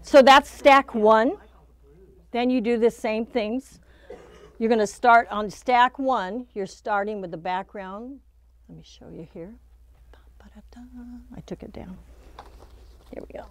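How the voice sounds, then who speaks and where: A middle-aged woman with a fairly high voice takes things slowly and pauses often while teaching a quilting pattern in a shop studio. She's a quilting instructor who chats through each step and laughs at her own slips, with no room sound.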